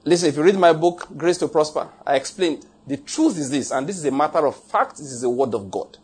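A man's voice: fairly high pitch, brisk, darkish tone, slightly rough. A man preaching a sermon in a jokey, emphatic way, laughing at his own points and repeating lines for effect. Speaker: pastor.

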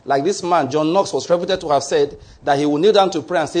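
A man's voice: fairly high pitch, quick pace, hardly any pauses, a little mellow. A man preaching a sermon, emphatic and repetitive, often checking whether his listeners follow him. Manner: emphatic, repeats key lines, asks the congregation questions.

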